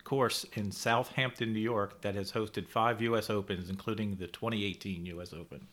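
A man acting as quizmaster on a casual podcast, reading questions steadily and announcing answers crisply. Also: fairly low pitch, steady tone, normal speed, fairly bright tone.

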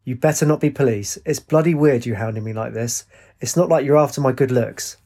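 Wraith, a man doing a gruff scruffy ex-Marine. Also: mid-range voice, a little fast, dark tone, lightly acted. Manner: gruff, curt. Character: gruff homeless ex-Marine man, snappy and guarded.

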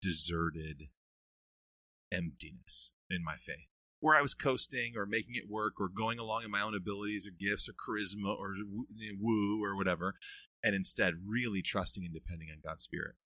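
Man, middle-aged, earnest podcast guest, very bright tone, dry studio sound. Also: low-pitched, no echo. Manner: earnest, animated storytelling, quick laughs. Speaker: youth ministry guest. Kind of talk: casual podcast interview.

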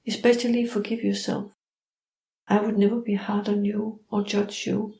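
A woman voicing a calm, loving female dog spirit who speaks softly and soothingly. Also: medium pitch, gravelly. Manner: soft, slow and soothing. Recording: roomy echo.

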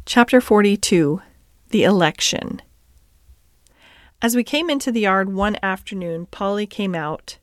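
A woman narrating a classic novel as an audiobook, in a calm, steady reading voice on a close mic. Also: mid-range voice, a little slow, long pauses, dry recording. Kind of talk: scripted narration.

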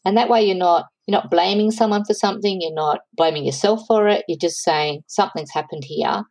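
A middle-aged woman speaks in a low, gravelly voice. She talks through relationship advice in a thoughtful, conversational way, acting out sample phrases. The sound is dry and close. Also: a little fast, a little mellow, dry recording, poor audio. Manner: thoughtful, explains with quoted examples.

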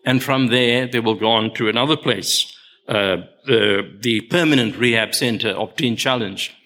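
An older man, a pastor, preaches a sermon, telling stories unhurriedly and driving points home by repeating them. His voice is mid-range and a bit bright.

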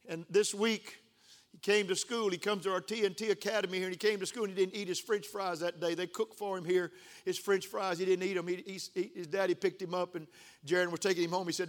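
An older male pastor preaching a sermon, emotional and building to excited outbursts. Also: high-pitched, fairly quick.

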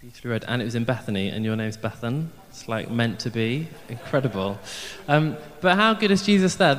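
Male preacher, relaxed and joking, with a long church echo behind him. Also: medium pitch. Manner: chatty, self-deprecating, many ums. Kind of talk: humorous church sermon. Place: church hall. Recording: long hall reverb.

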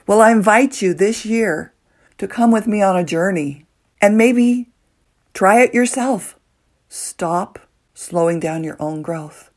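A woman hosting a solo motivational podcast, earnest and emotional, moving between soft hushed lines and excited bursts. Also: medium pitch, slow. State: nervous, emotional. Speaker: podcast host.

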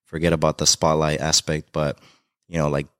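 A man's voice: a bass voice, little pitch movement, brisk, fairly bright tone, smooth, dry recording, studio quality. A young man from Mexico, a podcast guest, talking in a heartfelt, rambling way with many fillers about being a dad. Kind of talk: emotional casual conversation.

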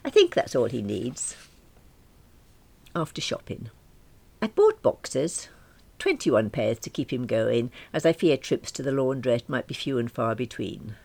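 Wry woman reading a diary story, gravelly. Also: a bass voice, sing-song, a little slow, darkish tone, no echo. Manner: wry, dry. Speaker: reader. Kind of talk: diary-style story narration.

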